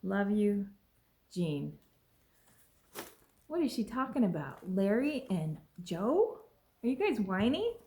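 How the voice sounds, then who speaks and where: A woman vlogging as she unboxes a package at home, gushing and exclaiming excitedly over each item. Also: fairly high pitch, normal speed. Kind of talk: casual unboxing vlog. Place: at home with a pet. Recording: echoey room.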